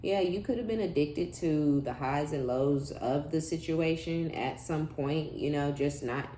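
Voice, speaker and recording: Low-voiced blunt woman reading tarot. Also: measured pace, warm tone. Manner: blunt, profane, laughing asides, slangy. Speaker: tarot reader. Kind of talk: casual tarot reading monologue. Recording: echoey room with faint background hum.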